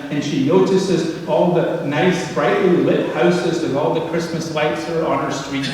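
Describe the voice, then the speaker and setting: A pastor preaches from the pulpit and tells a story with unhurried pauses. His voice sits a little high for a man. It reaches the mic from a distance in a church sanctuary, wrapped in a long, echoing reverb with faint room hiss. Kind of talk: sermon.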